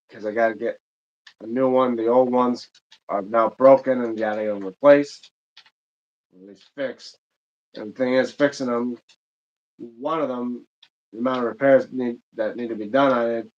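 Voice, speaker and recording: Casual man from Michigan, mid-pitched, rambling streamer chat, dull lo-fi mic. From Michigan, United States. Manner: rambling, chatty, many fillers and restarts. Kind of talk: casual live-stream chat while gaming.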